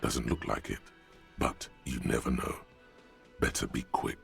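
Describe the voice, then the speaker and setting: Video game narrator, extremely deep, gravelly, slow measured delivery, faint music under. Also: male voice, fairly even intonation, a bit bright, heavily acted. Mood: ominous.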